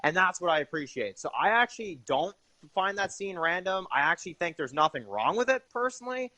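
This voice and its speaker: Young male reviewer, a bit high-voiced, enthusiastic and rambling, casual delivery. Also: sing-song, brisk, sharp tone, dry recording. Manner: enthusiastic, rambling with many fillers. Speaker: TV episode reviewer.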